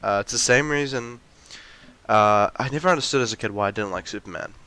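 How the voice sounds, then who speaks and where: Bright-voiced young man ranting, rambling. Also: on the low side, a little fast, clear, resonant tone. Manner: rambling with frequent restarts and fillers; acts out mocking quotes of characters. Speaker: video essayist. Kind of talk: ranty casual monologue.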